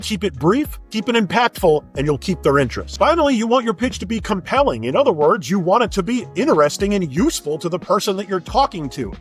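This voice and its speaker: Animated high-voiced man teaching sales. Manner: upbeat, emphatic and conversational. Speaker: sales trainer. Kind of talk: instructional talk to camera.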